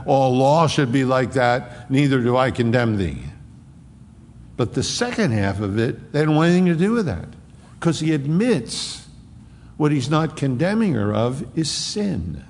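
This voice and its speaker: Gravelly-voiced male preacher in a hall. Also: mid-range voice, big pitch swings, unhurried. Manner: preaching with emphatic repetition. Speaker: pastor. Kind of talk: sermon.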